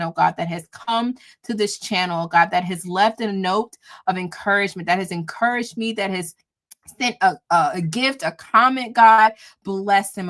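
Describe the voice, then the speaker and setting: A woman with a light lilt prays aloud on her livestream, fervent and heartfelt. She circles back to "oh God" between her phrases and sounds close to tears. Her voice sits at an ordinary middle pitch. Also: a bit bright. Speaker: livestream host. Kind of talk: spoken prayer and blessing.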